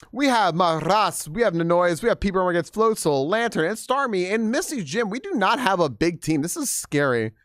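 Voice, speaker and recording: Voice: mid-range voice, animated, moderate pace, a bit bright, no room sound, studio quality. A young adult live streamer chatting casually with viewers, giggling often, swearing freely and rambling through restarts.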